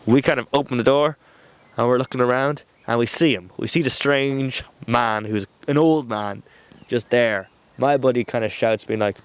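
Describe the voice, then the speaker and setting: A young Irish man telling a story casually, animated and swearing as he acts out what people said. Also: medium pitch, normal speed, clear, resonant tone, no room sound. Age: young adult. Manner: animated, swearing, acting out quotes.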